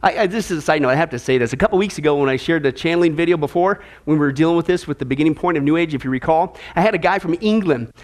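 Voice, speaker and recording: A man pastor preaching a sermon in an animated, sarcastic way. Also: a little high, racing, hardly any pauses.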